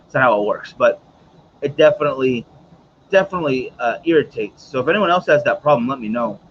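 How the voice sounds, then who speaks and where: A man's voice: mid-range voice, lively intonation, quick pace, highs cut off, a little hiss or hum. A man hosting a casual cigar livestream, chatty and rambling, with many fillers and asides to his viewers. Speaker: host of a cigar morning show.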